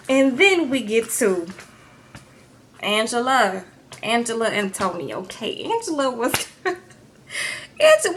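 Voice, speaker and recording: A woman's voice: on the high side, slight background noise. A woman recapping a reality show in a gossipy, chatty vlog, often asking "okay?". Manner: gossipy, animated, addresses viewers with "okay?". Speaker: YouTube reality TV reviewer.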